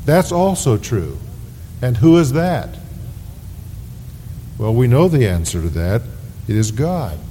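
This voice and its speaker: A man preaching a sermon as pastor, slow and deliberate, leaning hard on key words. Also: sing-song, dark tone. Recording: 1990s sermon tape with long reverb and faint rumble.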